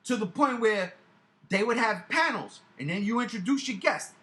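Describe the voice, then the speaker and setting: A man's voice: high voice, lively intonation, moderate pace, sharp tone. A man in his forties hosting his own channel, ranting casually to camera in a profane, emphatic way that repeats points for effect. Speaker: YouTube channel host.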